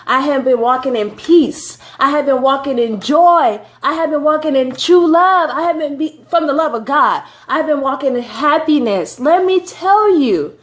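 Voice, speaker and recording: A woman shares her personal faith testimony with earnest emotion. Her voice sits a little high, and she builds her points through repeated phrases. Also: moderate pace, few pauses.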